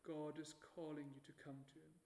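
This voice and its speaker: A man preaching a sermon, measured and emphatic, slowing down to stress key phrases. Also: fairly high pitch, little pitch movement, gravelly, dark tone, echoey room.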